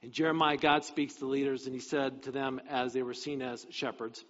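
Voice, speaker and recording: A male pastor preaching a sermon in an animated way, acting out the dialogue from scripture. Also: mid-range voice, moderate pace, hardly any pauses. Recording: dull, reverberant hall sound.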